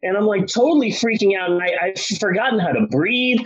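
A man in his forties telling a rambling story in casual chat, animated, jumping into high panicked outbursts. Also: a little fast, lo-fi sound, a loud crowd. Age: 40s.

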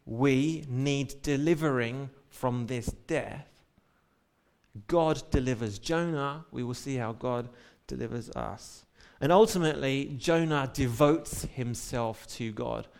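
A male preacher gives a sermon in a church, and his pitch sits in the middle for a man. He retells scripture in a relaxed, conversational way and breaks off for casual asides. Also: takes it slowly, gravelly.

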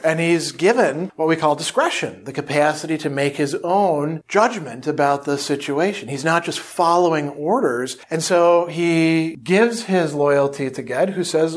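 A man's voice: on the high side, expressive, a little slow, few pauses. A man giving a literature lecture in a conversational way, reading passages aloud with light emphasis.

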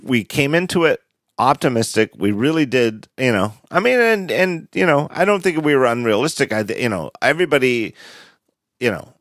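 Lively, laughing male podcast host. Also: mid-range voice, moderate pace, dry recording, studio quality. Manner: laughs often, emphatic and repetitive. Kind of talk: casual chat.

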